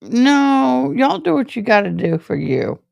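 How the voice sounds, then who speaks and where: A woman's voice: sits high, very animated, measured pace, gravelly, a little mellow, dry recording. A woman hosting a live stream from her home, chatting casually and talking straight to her viewers. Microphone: camera setup.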